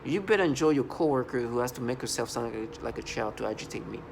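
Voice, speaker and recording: Gravelly man with a halting, agitated delivery. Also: medium pitch, lively intonation, slight background noise. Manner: halting, with frequent restarts and broken-off words; earnest and agitated. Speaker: vlogger. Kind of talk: personal video monologue.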